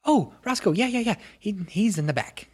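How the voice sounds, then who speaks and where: A man doing a bubbly high gnome girl. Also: lively intonation, moderate pace, darkish tone, a little hiss or hum. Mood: cheerful. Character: eager young female forest gnome apprentice.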